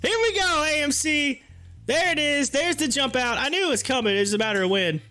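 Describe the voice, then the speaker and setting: Giggly high-voiced livestream market host. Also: a little fast, faint music behind. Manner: giggly, laughs often, excitable; reads viewer comments aloud and reacts. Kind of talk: live-streamed market commentary with chat reading.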